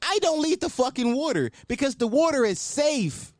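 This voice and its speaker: A man's voice: extremely high pitch, sing-song, moderate pace, no echo, studio quality. A man hosting a podcast, telling a story in a casual, profane monologue and often laughing. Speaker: podcast host.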